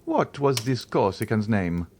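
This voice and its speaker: A man's voice: fairly low pitch, big pitch swings, unhurried, darkish tone. A man voicing a stern, commanding older priest who interrogates with an imperious, accusing manner. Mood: probing.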